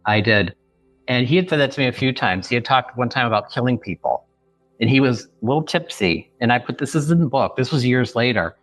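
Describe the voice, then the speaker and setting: Animated and brisk, this man speaks at medium pitch with a fairly bright tone, over faint music and with no room sound. In his fifties and from around Chicago, he's an author appearing on a podcast, telling an emotional personal story and performing the remembered dialogue vividly.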